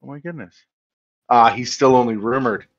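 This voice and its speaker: A man's voice: mid-range voice, normal speed. A man co-hosting a casual online chat, teasing in a dry, understated way. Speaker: podcast co-host. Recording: muffled faulty mic.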